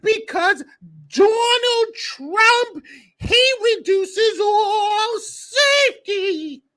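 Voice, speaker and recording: A man putting on a shrill, melodramatic female TV panelist, whining and shouting through fake sobs. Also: expressive, very slow, full character voice. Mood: whiny. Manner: sobbing, shouting mockery.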